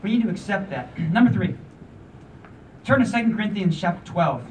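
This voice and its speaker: Male preacher, 30s, casual and emphatic sermon delivery, high animated pitch, mic at a distance. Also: brisk, a little hiss or hum. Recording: voice from a distance with faint room ambience.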